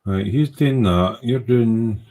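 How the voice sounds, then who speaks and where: A man's voice: fairly low pitch, slow pace, dark tone, a little hiss or hum. A man hosts a laid-back livestream, chatting through viewer comments in a rambling, self-mocking way. His talk is full of casual British slang and mild swearing. He hums little tunes while he waits for pages to load. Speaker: livestream host and hobby model maker.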